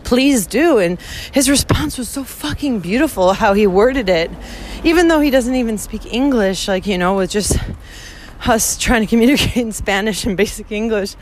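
A woman's voice: a little high, normal speed, a little mellow, a little hiss or hum. A young woman in a casual walking vlog, talking candidly and emotionally, swearing often, recorded outdoors on a phone. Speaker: vlogger. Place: outdoors walking to a train station.

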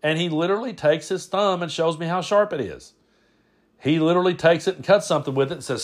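A man's voice: on the high side, a little fast. Man telling stories with restarts. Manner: rambling, repeats words, frequent restarts. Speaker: podcast host. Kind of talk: casual storytelling monologue.

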